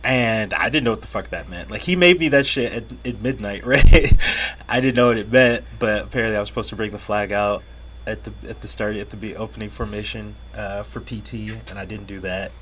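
A young man co-hosting a podcast tells stories in casual chat, cursing freely, laughing and acting out yelled quotes. His pitch is fairly low and his delivery fairly quick, with a little hiss or hum in the audio.

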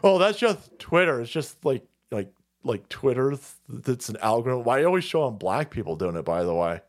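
A man's voice: mid-range voice, very animated, brisk. A man hosting a livestream, ranting crudely with frequent laughter and repeated words. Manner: crude, laughs often, rambling and repetitive. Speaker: livestream host. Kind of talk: profane ranting commentary.

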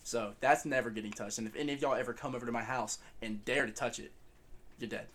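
A young man co-hosting a casual sports podcast, animated and laughing, calling everyone bro. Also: mid-range voice, fast talker, a little hiss or hum. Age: young adult. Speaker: podcast co-host. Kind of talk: casual chat.

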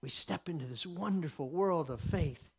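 A man preaching a sermon, acting out the people in the story and swinging from loud declarations to hushed whispers. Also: a little high, normal speed, slightly rough.

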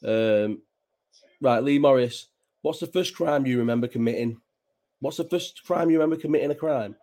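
At normal speed, in a medium-pitched and mellow voice, a live stream host from Bolton rambles and chats through a casual late-night session at home. He swears freely, with a child nearby.

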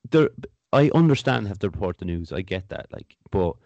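A man in casual podcast chat, speaking in a reflective, measured way and repeating words as he thinks things through. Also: fairly low pitch, animated, darkish tone, dry recording, lo-fi sound.

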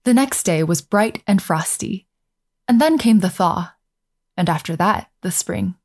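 Woman gently reading a fairy tale. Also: fairly low pitch, lively intonation, unhurried. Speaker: storyteller. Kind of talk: scripted fairy tale narration.

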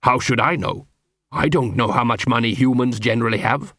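A man reading an audiobook, voicing a blunt, literal-minded male dwarf recruit who speaks flatly and matter-of-factly. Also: mid-range voice, a little fast, no echo, clean studio sound, lightly acted. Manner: flat, matter-of-fact, unimpressed.

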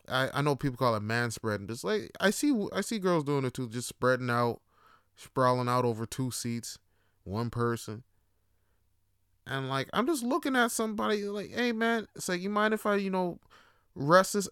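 Man, casual monologue, profane and rambling, smooth voice, dry close sound. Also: medium pitch, a bit bright, no room sound. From Toronto. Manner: profane, rambling storytelling with many fillers. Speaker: podcast host.

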